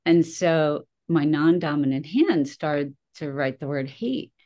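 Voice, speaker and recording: A middle-aged woman hosting a podcast, telling personal stories in a lively way and laughing at herself. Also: low voice, slow, muffled recording. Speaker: podcast host. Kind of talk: casual podcast conversation.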